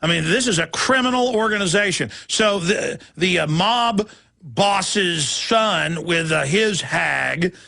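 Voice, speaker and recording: Gravelly ranting middle-aged radio host. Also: male voice, high-pitched, expressive, slow pace, bright, forceful tone. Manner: rambling, insulting, stumbling over words. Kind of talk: ranting talk radio monologue.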